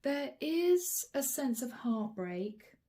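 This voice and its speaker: Mellow-voiced woman giving a tarot reading. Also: high voice, big pitch swings. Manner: chatty, addresses viewers directly, slows to name cards. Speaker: tarot reader. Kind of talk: channeled tarot reading to viewers.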